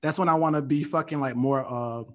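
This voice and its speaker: High-voiced man telling a laughing story. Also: a little fast, a bit bright. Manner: laughing, profane, rambling storyteller. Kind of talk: casual storytelling chat.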